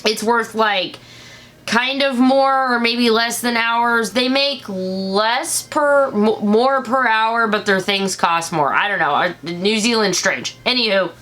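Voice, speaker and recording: Woman reviewer, higher voice, bright and punchy, casual and jokey, does quick character voices. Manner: chatty, jokey, acts out lines in quick voices. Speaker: show reviewer. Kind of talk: casual episode recap.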